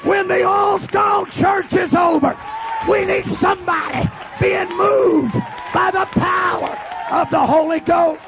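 Shouting pentecostal preacher dude, fiery call and response, crowd faintly behind. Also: male voice, extremely high pitch, fairly even intonation, slow, background noise. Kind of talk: Pentecostal revival sermon.

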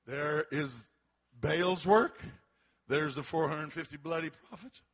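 A man preaching a sermon, acting out the quotes as he goes and breaking into shouts. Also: on the high side, takes it slowly. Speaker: pastor.

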